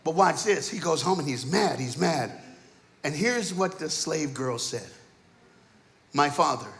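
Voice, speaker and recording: A man preaching a sermon in a church, telling stories dramatically and acting out the characters, swinging between shouting and hushed asides. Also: on the high side, animated, measured pace. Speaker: guest preacher. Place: church auditorium. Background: keyboard music.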